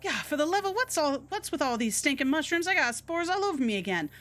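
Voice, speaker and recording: A woman's voice: high voice, big pitch swings, fast talker, fairly bright tone, soft background music, voice pushed up. A woman doing a whiny, grumbling adventurer.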